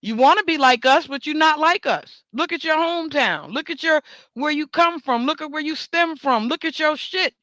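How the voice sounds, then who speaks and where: American host, casual monologue rant, emphatic and repetitive, high bright voice. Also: normal speed, no echo. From United States. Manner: emphatic, repetitive storytelling with cursing. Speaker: talk show host.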